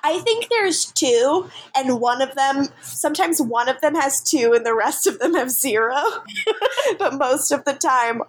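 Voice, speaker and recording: A woman co-hosting a podcast in casual chat, gushing and swearing as she quotes characters in quick bursts. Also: high-pitched, lively intonation. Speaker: podcast co-host.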